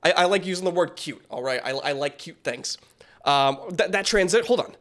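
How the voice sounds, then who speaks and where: A man hosting a reaction video in casual commentary, excitable and rambling, often stumbling over his words. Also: fairly high pitch, moderate pace.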